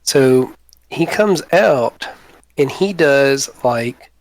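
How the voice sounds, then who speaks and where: A man's voice: mid-range voice, lively intonation, very slow, dry recording. A man running a tabletop game, narrating casually with many fillers. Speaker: game master.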